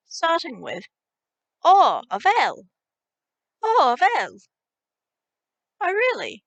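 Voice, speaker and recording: A woman teaching a spoken language lesson casually, repeating example phrases slowly and clearly for learners to practise. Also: mid-range voice, sharp tone, no room sound.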